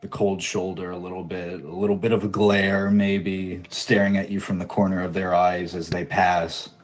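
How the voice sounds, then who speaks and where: Lower-voiced man running a tabletop game. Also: little pitch movement, soft background music. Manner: casual, halting with fillers. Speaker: game master.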